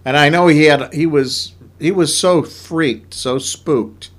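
A man's voice: on the high side, slow pace. Man steadily questioning a guest. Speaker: host. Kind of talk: interviewing a guest.

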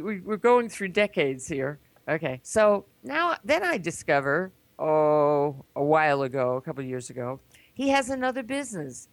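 An older woman telling a story in a casual, animated way, laughing at herself. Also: on the low side, no room sound. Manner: animated, acts out quoted voices, laughs at herself.

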